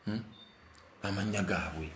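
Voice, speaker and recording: A young man with a Ugandan accent speaks in an emphatic monologue, hammering his points with repetition and shifting between murmurs and loud bursts. His voice sits low and is recorded in a roomy space with a noticeable echo. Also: slow pace, slight background noise. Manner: emphatic, repeats phrases over and over; mixes heated outbursts with low murmurs. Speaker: musician. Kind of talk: emotional monologue to camera.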